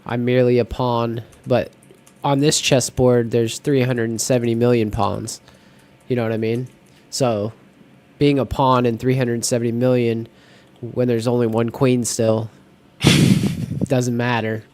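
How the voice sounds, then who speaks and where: A man's voice: medium pitch, level tone, measured pace, a little mellow. A man co-hosting a casual podcast chat, rambling with lots of fillers and restarts. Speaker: podcast co-host.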